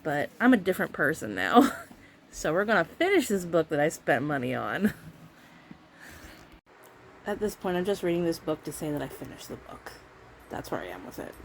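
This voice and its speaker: A woman's voice: deep voice, sing-song, normal speed, creaky, pauses often, a little hiss or hum. A woman vlogging at home, chatting casually to camera about a book she dislikes, sarcastic and exasperated, laughing often.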